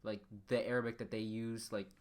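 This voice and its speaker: A man's voice: on the low side, little pitch movement, a little fast. A young man hosting a podcast, chatting casually in a rambling way, full of fillers, swearing and laughter. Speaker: podcast host. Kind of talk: casual chat.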